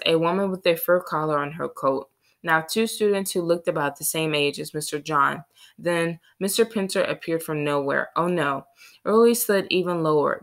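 Woman reading a children's novel aloud. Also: low-pitched. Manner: steady storytelling read. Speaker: audiobook reader. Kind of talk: scripted narration.

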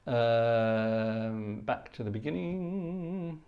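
A middle-aged man with a posh Scottish accent and a smooth, medium-pitched voice, its highs cut off, chats casually on a livestream. As host and organist, he reads the chat and thanks viewers effusively with quick words like "gosh" and "splendid."

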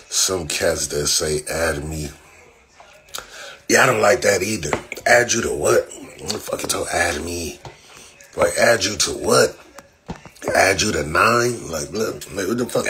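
A man's voice: fairly low pitch, lively intonation, unhurried, pushed and bright. A man, talking brashly on his own livestream and mocking the viewers in his comments with profane trash talk. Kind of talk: livestream rant. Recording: noisy phone livestream audio.

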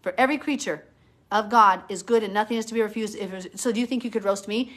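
A woman's voice: mid-range voice, fast, a bit bright. A woman giving a live-streamed Bible teaching, fervent and emphatic, arguing her points with rising intensity. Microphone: phone or webcam, live stream.

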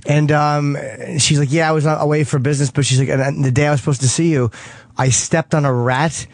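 A male radio co-host talking quickly and bluntly, in a slightly high voice. The studio sound is dry and close, with no room echo. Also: steady tone. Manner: fast, blunt storyteller. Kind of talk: casual radio banter.

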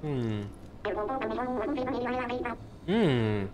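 A man's voice: medium pitch, sing-song, drawn-out words, over music. A young man giving casual, joking commentary while playing a video game, teasing the characters and meowing along. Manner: playful, banters with the game, meows along loudly. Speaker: gaming YouTuber. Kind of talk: casual let's-play commentary.

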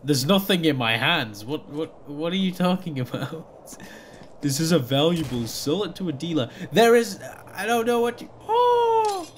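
A gameplay host giving casual commentary, excitable, laughing often, swearing and yelping when startled. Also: mid-range voice, normal speed, slight background noise. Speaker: gaming video host. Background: background music.

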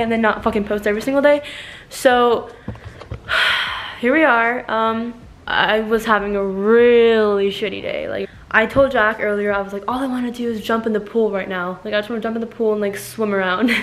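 A young woman chatting casually to camera as a vlogger. She is excitable, says "like" a lot and swears casually. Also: a little high. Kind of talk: casual vlog chat to camera. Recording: roomy echo with faint music behind.

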